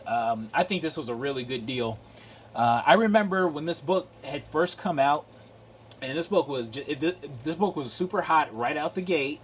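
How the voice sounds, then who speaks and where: A man's voice: on the high side, fairly bright tone. Chatty man talking over faint noise. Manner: chatty, repeats himself, lots of fillers. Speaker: comic book collector showing his haul. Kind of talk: casual video commentary.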